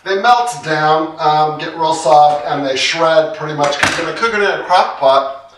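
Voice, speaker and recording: A man co-hosting a cooking show, walking through a recipe in a relaxed, chatty way with folksy asides. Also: on the high side, moderate pace, a little hiss or hum. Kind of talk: casual cooking demonstration. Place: home kitchen. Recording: echoey kitchen, mic at a distance. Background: clattering dishes and cutlery.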